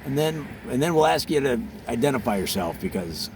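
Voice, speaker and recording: A man hosting a mock tour in a parody travelogue, telling absurd tall tales in an animated storytelling manner. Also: mid-range voice, fairly quick, background noise. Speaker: comedic tour host.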